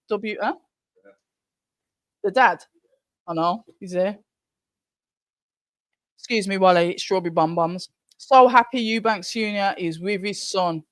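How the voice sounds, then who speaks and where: A middle-aged woman with a slightly high voice hosts a live stream from home, chatting casually and reading viewer comments aloud. The recording is dry and studio quality.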